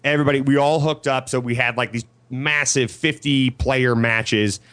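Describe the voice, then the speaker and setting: A man's voice: medium pitch, steady tone, a bit bright. A man in his thirties in a casual chat, telling rambling stories with lots of fillers. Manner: rapid, rambling storyteller.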